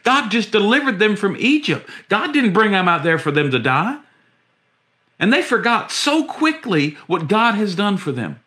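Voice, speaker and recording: A man's voice: sits high, sing-song, normal speed, bright, forceful tone. A man preaching a sermon with passion and emphasis, acting out the voices he quotes and repeating words as he builds each point.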